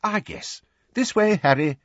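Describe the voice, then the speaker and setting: A man voicing an excitable middle-aged wizard father fascinated by non-magic things, in a raised, eager storybook voice. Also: sits high, a little slow, dry recording, highs cut off, voice pushed up, heavily acted. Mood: cheerful.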